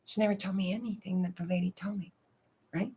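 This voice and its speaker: A woman's voice: medium pitch, steady tone, fast, darkish tone, slightly rough. Woman host, casual confessional storyteller, blunt and profane. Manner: profane, rambling, keeps asking "right?". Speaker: channel host telling a personal story.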